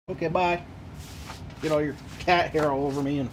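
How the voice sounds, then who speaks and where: A man's voice: a little high, brisk. Man chatting on a noisy home livestream. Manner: talks fondly to his cat between remarks to viewers. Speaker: guitar teacher streaming live. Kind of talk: casual livestream chat.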